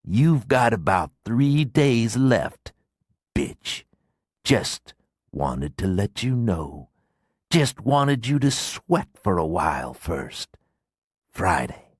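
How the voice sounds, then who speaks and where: An actor voicing a cold, merciless dead man bent on revenge, with a deep gravelly voice and a menacing manner, in an audiobook. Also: sing-song, very slow, no echo, studio quality, exaggerated voice. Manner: menacing, speaks through clenched teeth. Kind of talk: audiobook character voice.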